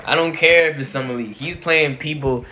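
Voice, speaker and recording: Man, podcast co-host, bright tense voice, slangy and excitable, dull lo-fi sound. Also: on the high side, a little hiss or hum. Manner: excitable, slangy, quick laughs. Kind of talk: casual sports chat.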